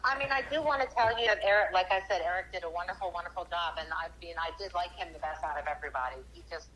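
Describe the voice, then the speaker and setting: A woman's voice: fairly low pitch, very fast, fairly bright tone. A woman customer on a phone call, hesitant and worn down by a salesman. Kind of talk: phone conversation.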